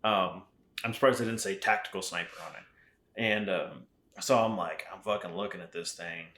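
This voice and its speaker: Low-voiced man telling a rambling, profane story. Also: normal speed, pushed and bright. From Arizona, USA. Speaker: podcast guest, rifle company founder. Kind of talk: casual chat. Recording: roomy echo.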